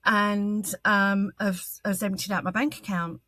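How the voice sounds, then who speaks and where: A woman, telling her own story as an interview guest in a halting, earnest way, with frequent ums and restarts. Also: medium pitch, level tone, fairly bright tone, no room sound. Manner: earnest and candid. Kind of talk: personal testimony in an interview.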